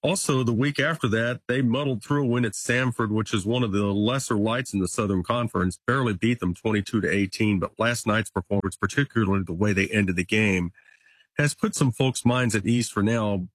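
Guest sports reporter, male, husky voice, dry sound, chatty and numbers-driven. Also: lowish voice, a little fast, dry recording. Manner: stat-heavy, conversational, occasional restarts. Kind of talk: casual sports analysis.

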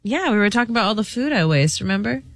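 Woman radio producer on a studio mic, playful, lively voice, dry sound. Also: mid-range voice, fast talker, no echo. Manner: playful, chiming in with short questions. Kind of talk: casual radio talk.

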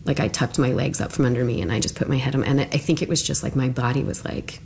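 A woman's voice: a bass voice, fairly even intonation, fast talker, creaky, a little mellow, slight background noise. A woman interviewee recounting a personal story in a casual, loose way, full of filler words.

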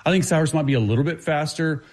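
A man's voice: fairly high pitch, darkish tone. Confident male football analyst. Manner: fast, confident breakdown with restarts. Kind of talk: casual sports talk.

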